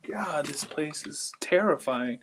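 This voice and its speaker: A man investigating an old building, talking excitedly and rambling with lots of fillers, sometimes dropping to a whisper. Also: fairly high pitch, a little slow, background noise. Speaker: paranormal investigator. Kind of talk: live on-location ghost hunt. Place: walking through an old building indoors.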